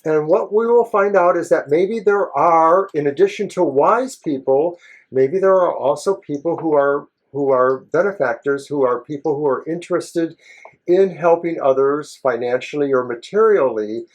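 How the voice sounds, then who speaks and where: A man co-hosting a tarot reading show, talking through the cards in a measured, thoughtful way. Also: fairly high pitch. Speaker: co-host tarot reader. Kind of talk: casual tarot reading chat.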